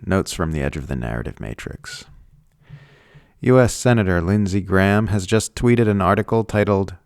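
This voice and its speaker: Gravelly low-voiced man reading sardonic commentary. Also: dry recording, clean studio sound. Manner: sardonic, mock voices for quoted people. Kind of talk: scripted commentary narration.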